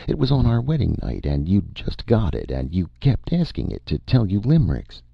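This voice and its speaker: A man voicing a chatty young woman typist, his gravelly voice pushed up high and breathy. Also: wildly swooping pitch, normal speed, no room sound, muffled recording, exaggerated voice. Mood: cooing.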